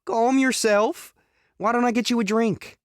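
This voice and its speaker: A woman's voice: a little high, measured pace, clean tone, no echo, clean studio sound, lightly acted. A woman playing a wry, laid-back male bar pianist in an audio drama. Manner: wry, calming, offhand.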